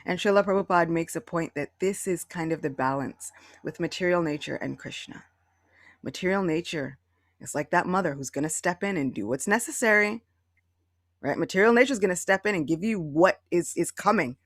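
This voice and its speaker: Creaky-voiced woman teaching a devotional class. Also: on the low side, brisk, no room sound, clean studio sound. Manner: storytelling, with acted-out quotes. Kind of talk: devotional talk on a video call. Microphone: video call.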